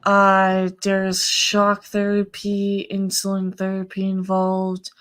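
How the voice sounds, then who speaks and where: Woman co-host, unhurried, profane, loose casual delivery. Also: medium pitch, monotone, fairly bright tone, clear, resonant tone. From partly Southern US. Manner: casual, swears a lot, trails off and restarts. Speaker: co-host reviewing an episode. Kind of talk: casual live-stream chat.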